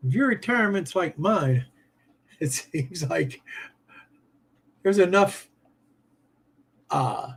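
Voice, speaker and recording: Slow, lively retired train-show host. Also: mid-range voice, slightly rough. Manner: easygoing, laughs often while talking. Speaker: host of a live model train chat show. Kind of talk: casual live-stream chat reacting to viewer comments.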